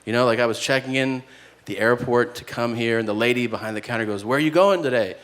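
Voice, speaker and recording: A male stand-up comedian on a club stage, delivering a deadpan routine with dark punchlines. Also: mid-range voice, fast.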